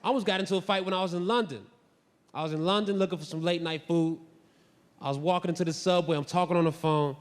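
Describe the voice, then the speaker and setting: A man's voice: sits high, steady tone, quick pace. A man doing stand-up comedy on a theater stage, telling self-mocking, rambling stories full of tangents. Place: theater stage before a live audience. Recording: live theater recording with hall reverb.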